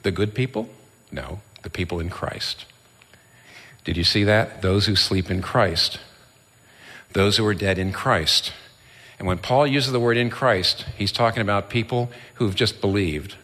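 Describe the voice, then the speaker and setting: A man's voice: fairly low pitch, unhurried, fairly bright tone, big-room sound. A man preaching a sermon as a pastor, impassioned and rising to fervent emphasis.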